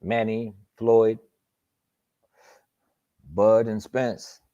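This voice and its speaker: A man's voice: fairly low pitch, level tone, drawn-out words, mellow. Man, live boxing talk host, casual and profane, repetitive slang, muffled lo-fi audio. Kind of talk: casual live-stream commentary. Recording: dull lo-fi stream audio.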